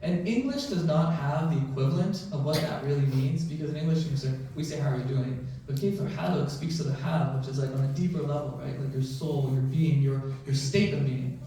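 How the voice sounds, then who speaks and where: A doctor gives a conversational talk in a big mosque prayer hall, peppering it with "right?" and "you know." He speaks a little fast with few pauses, in a higher, dark-toned voice. Slight background noise accompanies the distant, echoey sound.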